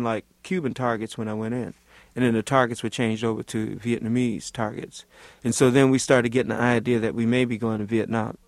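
A man's voice: mid-range voice, no echo. Man, from Louisiana, veteran interviewee, rambling storyteller, dry close sound. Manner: rambling and vivid, peppered with "like" and "you know". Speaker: Vietnam veteran, former Marine.

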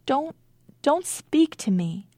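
A woman's voice: high voice, big pitch swings, slow, mellow, no room sound, voice pushed up, exaggerated voice. A woman voicing an earnest, upset schoolgirl in a storybook reading, speaking plainly.

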